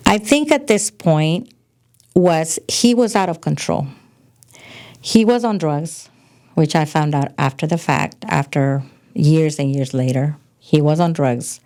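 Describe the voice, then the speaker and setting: A middle-aged woman from California, a podcast guest telling frank, animated stories about her past in casual conversation. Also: deep voice, takes it slowly. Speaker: podcast guest, host's mother. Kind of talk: casual storytelling chat.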